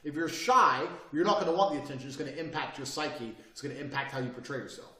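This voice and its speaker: A man giving a blunt, forceful motivational lecture and swearing freely as he coaches his listeners. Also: mid-range voice, fast talker. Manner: profane, forceful and emphatic. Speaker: self-improvement speaker. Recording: echoey room, mic at a distance.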